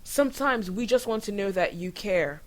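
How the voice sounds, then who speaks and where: A woman from Nigeria hosting her own show, giving candid, animated commentary on the news and laughing often as she talks. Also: medium pitch, normal speed, poor audio. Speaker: show host. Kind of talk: opinionated commentary monologue.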